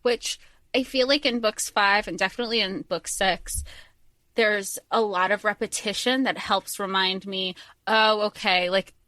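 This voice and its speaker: Bright, rambling woman podcast co-host. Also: mid-range voice, steady tone, unhurried, no room sound. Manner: rambling, enthusiastic, self-correcting. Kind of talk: casual chat.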